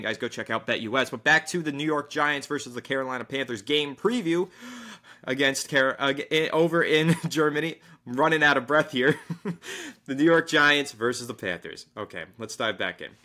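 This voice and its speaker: Brief: male sports podcast co-host, bright forceful tone, enthusiastic casual football talk. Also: medium pitch. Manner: enthusiastic, reads sponsor plug.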